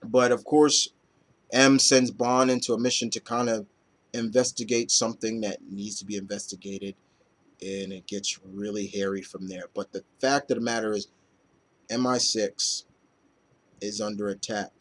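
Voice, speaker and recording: A man's voice: lowish voice, fairly even intonation, moderate pace. A man reviewing comic books in a loose, rambling chat full of fillers and casual swearing.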